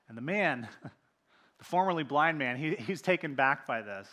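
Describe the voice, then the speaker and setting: A man preaching a lively sermon, swinging between booming quoted voices and hushed near-whispers. His tone is bright and forceful, pitched a touch high for a man. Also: normal speed. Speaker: pastor. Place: church sanctuary.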